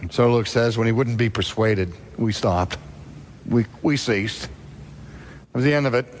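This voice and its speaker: Brief: middle-aged male preacher, theatrical sermon delivery, light background hiss. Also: a little slow. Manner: dramatic, acts out quoted voices with wide pitch swings.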